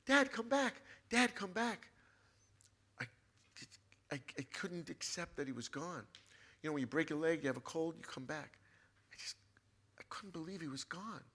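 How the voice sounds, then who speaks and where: Guy author on an interview, bright sounding voice, earnest storytelling, repeats himself. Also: fairly high pitch, fairly quick, breathy edge. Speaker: author and guest. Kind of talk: emotional personal storytelling.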